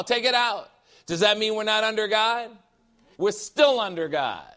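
Emphatic high-voiced male preacher. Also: lively intonation, measured pace. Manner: forceful, emphatic preaching with rhetorical questions. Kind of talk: sermon.

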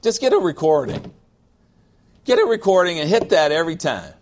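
A man preaching to a congregation with a slightly higher voice than most men. His delivery is conversational and lively, and he stops to ask the room for an amen. He drops into short impressions of people without leaving the sermon. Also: moderate pace, a little hiss or hum. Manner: conversational preaching, mimics whiny believers, asks for amens. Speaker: pastor.

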